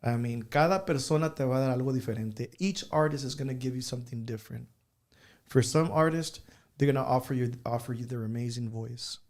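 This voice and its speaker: A man's voice: medium pitch, brisk, darkish tone. A man who is a musician guest on an interview show, telling casual anecdotes and dropping in Spanish phrases.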